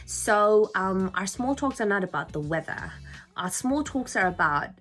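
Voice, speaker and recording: Animated Indian English woman vlogger. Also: mid-range voice, unhurried. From Nagaland, India. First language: Lotha. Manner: animated, jokey, mimics voices and accents. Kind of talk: casual chat to camera.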